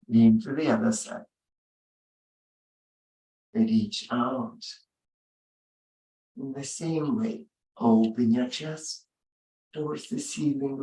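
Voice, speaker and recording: A man leading a yoga class, giving gentle, unhurried spoken cues with long pauses between them. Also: mid-range voice, far from the mic. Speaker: yoga instructor. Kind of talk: guided yoga instruction. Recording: roomy sound from off-mic.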